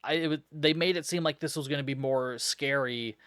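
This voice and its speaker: A podcast host recaps a film in a casual, sarcastic, exasperated way, swearing nonstop. His voice is on the high side, fairly quick, a bit bright and smooth, captured in a dry, studio-quality recording.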